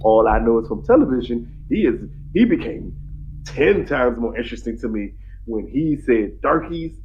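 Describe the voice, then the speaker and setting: A man's voice: mid-range voice, expressive, normal speed, creaky. A man co-hosting a podcast who teases his partner, laughs often and jumps in to interrupt. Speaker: podcast co-host. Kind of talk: casual chat reacting to a TV episode. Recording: lo-fi podcast audio with faint noise.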